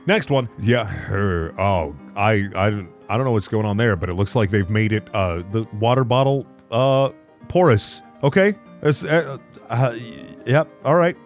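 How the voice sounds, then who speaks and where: A man's voice: mid-range voice, animated, normal speed. A man doing comedic reaction commentary, mock-outraged and stammering over repeated words. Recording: faint background music.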